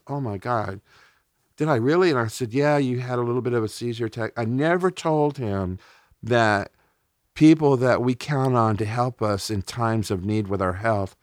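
A man's voice: medium pitch, a little slow, dry recording, studio quality. A middle-aged man from Texas, a podcast interview guest, telling personal stories candidly and emotionally with blunt language.

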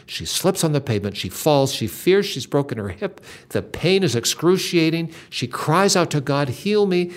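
A man's voice: on the high side, expressive, normal speed, few pauses. An older man hosting a Christian talk, earnestly retelling a story with dramatic emphasis. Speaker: Christian podcast host.

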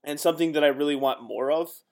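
A man's voice: a little high, quick pace. A man, a competitive powerlifter, talking earnestly in a casual chat and rambling a little.

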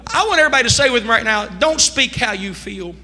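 A man with a very high, piercing bright voice preaches a sermon to his congregation. His delivery swings from hushed asides into loud, drawn-out shouts that nearly turn to song. The sound carries a long reverb from the church hall. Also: expressive. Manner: preaching with rising shouts and sung, drawn-out lines. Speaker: pastor. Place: church sanctuary.

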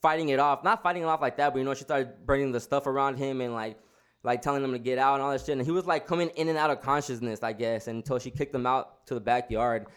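A man talks quickly at a mid pitch, telling a casual story. He rambles through slang and false starts. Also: clean tone. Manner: rambling, slang-heavy, many restarts.

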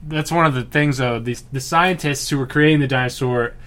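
Male podcast co-host, mid pitch, animated storyteller. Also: brisk. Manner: animated storyteller acting out movie scenes. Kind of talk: casual chat.

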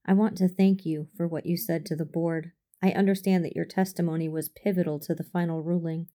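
A woman reading the part of a warm, courteous male hologram doctor in an audio story, in a gentle, friendly tone. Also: on the low side, steady tone, brisk, close to an everyday voice.

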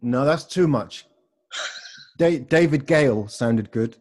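A man co-hosting a casual podcast chat, playful and quick to laugh. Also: mid-range voice, darkish tone. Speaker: podcast co-host.

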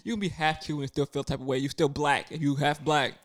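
A man co-hosting a casual chat, talking in an animated, blunt way and arguing his point. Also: on the high side, fast talker.

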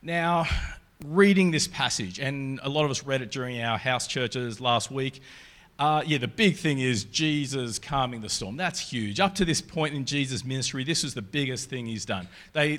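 A man giving a sermon in a relaxed, conversational way, reading scripture aloud along the way. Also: medium pitch. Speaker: preacher.

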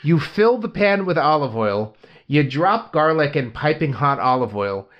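A man's voice: on the high side, lively intonation, a little slow. A man hosting a casual podcast chat, telling stories and prompting his co-hosts. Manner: chatty, storytelling, prompts the others. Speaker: podcast host. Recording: muffled lo-fi audio.

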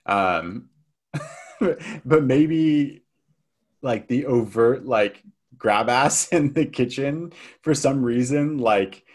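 A man's voice: mid-range voice, expressive, very slow, long pauses. A man co-hosting a film review podcast, chatting casually and hesitantly, with lots of fillers and restarts. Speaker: podcast co-host.

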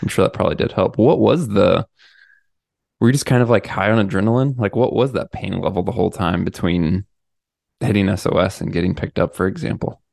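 A man hosting a podcast, asking questions in a relaxed way, hedging with frequent fillers. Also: low-pitched, brisk, creaky, no echo, studio quality. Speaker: podcast host. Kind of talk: casual interview.

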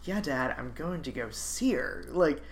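A man co-hosting a podcast, chatting casually in a relaxed way. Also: on the high side, a little slow. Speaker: podcast co-host. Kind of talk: casual chat.

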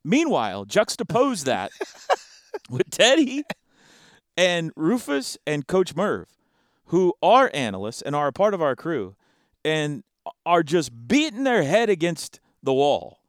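A man's voice: medium pitch, clear, resonant tone, no echo, studio quality. A man hosting a sports talk show, chatting casually and animatedly about a football game, laughing often and restarting his sentences.

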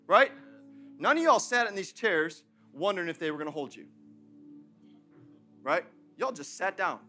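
High, bright-voiced preaching man. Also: big pitch swings, normal speed, soft background music. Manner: preaching with bursts of shouted emphasis and joking asides. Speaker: pastor. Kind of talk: sermon.

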